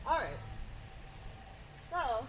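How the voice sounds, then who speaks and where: A woman's voice: high voice, animated, very slow, fairly bright tone, a little hiss or hum. A young woman talking casually in a solo tutorial vlog outdoors by her car, chatty and self-deprecating, a little out of breath as she works and films herself. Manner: chatty, self-deprecating, swears and laughs while working. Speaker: vlogger. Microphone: handheld camera, moving off frame.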